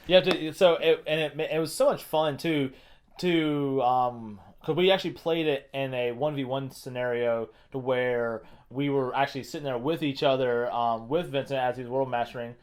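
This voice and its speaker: A man's voice: medium pitch, fairly even intonation, normal speed. A man in casual chat, talking enthusiastically and a little rambling about playing a game. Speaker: co-host.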